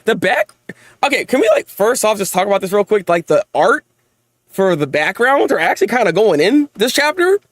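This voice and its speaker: A young man hosting a live manga reaction and review, excitable, often stammering through repeated words and laughing. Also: high-pitched, normal speed, no echo, studio quality.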